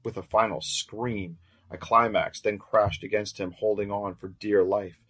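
Deep gravelly male storyteller. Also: flat delivery, unhurried, fairly bright tone. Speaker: narrator. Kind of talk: scripted first-person story narration.

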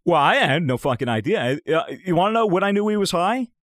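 His voice is high-pitched and fairly quick, captured in studio quality without room sound. The young man, in his twenties and co-hosting a podcast, tells stories in lively casual talk, swearing frequently and mimicking what others said.

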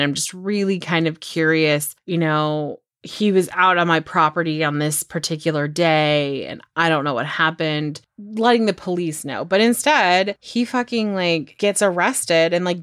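A woman's voice: on the low side, no echo, studio quality. Swearing woman recapping a true-crime case. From grew up on a farm. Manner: swearing, animated retelling with mocking quoted voices. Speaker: podcast co-host. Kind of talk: casual true-crime chat.

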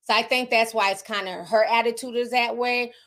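A woman with a Southern US accent talks casually to her livestream audience. Her voice sits a little high, and she speaks in a frank, chatty way while reacting to chat comments. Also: fairly even intonation, a little fast, a bit bright. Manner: chatty, candid, laughs often, reacts to viewer comments. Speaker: livestream host reading chat. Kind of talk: casual celebrity gossip chat.

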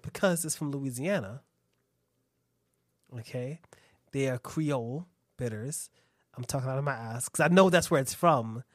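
A man's voice: mid-range voice, normal speed, long pauses, dry recording, clean studio sound. A man hosting a casual chat who rambles, swears a lot and laughs easily.

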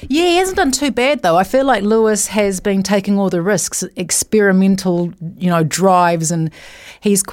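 A woman talking casually about motor racing, chatty and animated, jumping between asides. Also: medium pitch, normal speed, no room sound, studio quality. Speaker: guest commentator.

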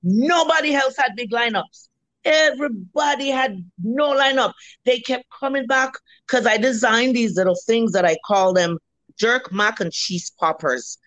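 Jamaican woman, middle-aged, lively storyteller, casual interview, salty language. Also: on the high side, a little slow, dry recording, dull audio. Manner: lively storyteller, swears freely. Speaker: food vendor guest.

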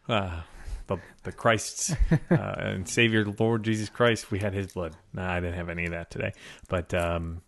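At a desk mic, a man co-hosts a casual podcast, joking, rambling and laughing often with his partner. His low voice is creaky and a bit bright, with a steady tone and measured pace.

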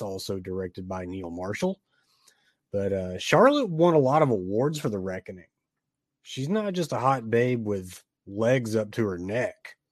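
A low-voiced man with a Southern US accent talks through a movie review in a loose, joking way, stretching certain words for effect. The sound is close and dry, with no room around it. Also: no room sound. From Tennessee. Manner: wisecracking, joking asides, drawn-out emphasis. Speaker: film reviewer. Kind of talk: casual movie review commentary.

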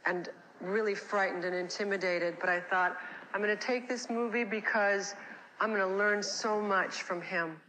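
A woman's voice: mid-range voice, fairly even intonation, moderate pace, pushed and bright, a little hiss or hum, poor audio. A woman giving a candid, self-deprecating tribute speech at an award show and telling a nervous story.

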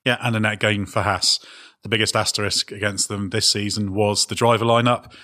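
A man hosting a podcast, discussing motorsport in a measured, hedging way with wry chuckles. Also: lowish voice, little pitch movement, bright, forceful tone. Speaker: podcast host. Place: on location.

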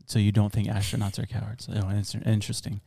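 A man's voice: fairly low pitch, little pitch movement, fairly quick, vocal fry, warm tone, dry recording, clean studio sound. A young man co-hosting a casual podcast, joking around and putting on a mock-serious tone. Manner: playful, jokey, mock-serious. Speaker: podcast co-host. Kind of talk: casual chat.

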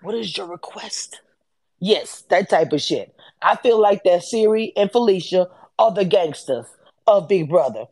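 A woman hosting a casual live audio chat about reality TV, animated and sassy. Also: normal speed. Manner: animated, sassy, acts out quotes with swings in pitch. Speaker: host of a reality TV discussion space.

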